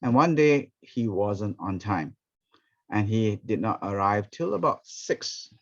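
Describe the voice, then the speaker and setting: A man, teaching a ministry training session through lively stories and acted-out quotes. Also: on the low side, takes it slowly. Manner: animated, acts out quoted speech. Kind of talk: storytelling teaching talk. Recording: dull, muffled recording.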